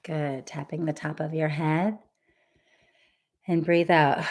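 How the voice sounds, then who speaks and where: Slow, low-voiced woman guiding tapping. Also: flat delivery. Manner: gentle, encouraging, repeats affirmations. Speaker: EFT tapping coach. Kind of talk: live guided tapping session.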